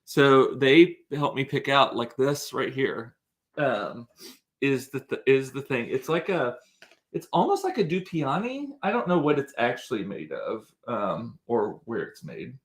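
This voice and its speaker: A young man tells a story to his camera in a loose, chatty way. He rambles and circles back, dropping ums and restarting his sentences as he goes. His voice sits at an ordinary middle pitch. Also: sing-song, unhurried. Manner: chatty, rambling, with many fillers and self-corrections. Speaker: vlogger. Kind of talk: casual storytelling vlog.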